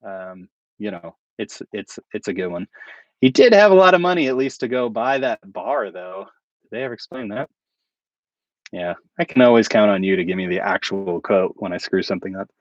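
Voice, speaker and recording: A man's voice: lowish voice, a little mellow, no echo, highs cut off. A man hosting a casual livestream and chatting with viewers. He rambles and chuckles at his own jokes. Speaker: channel host.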